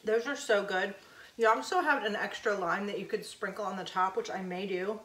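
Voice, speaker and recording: A woman's voice: medium pitch, fairly quick, pushed and bright. A woman chatting casually through a cooking vlog in her home kitchen, talking folksy to viewers. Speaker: cooking vlogger. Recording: echoey kitchen, voice from a distance.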